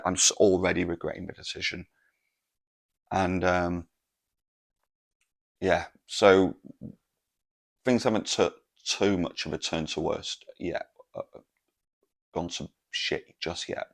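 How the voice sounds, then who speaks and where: Deep raspy guy in his 40s, swearing and rambling through a story. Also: fairly even intonation, a little slow, pauses often. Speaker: podcast host. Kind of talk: casual storytelling monologue.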